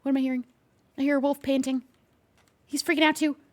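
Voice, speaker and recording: A woman streaming a game, chatting and playing along with an unseen visitor, easily startled and quick to gasp and laugh. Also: high-pitched, little pitch movement. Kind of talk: casual gameplay commentary with light role-play.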